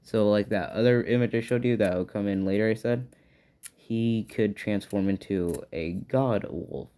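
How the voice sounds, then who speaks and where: Man with a low voice, mellow tone, rambling, hesitant, improvised fan story. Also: moderate pace, clear, resonant tone. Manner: rambling, hesitant, thinking aloud.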